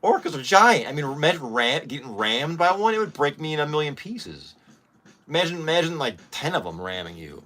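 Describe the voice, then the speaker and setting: Guy in his 40s rambling on his vlog, bright punchy voice, swears a lot. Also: on the high side, a little fast. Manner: rambling, excitable, profane. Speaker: channel host. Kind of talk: casual vlog talk.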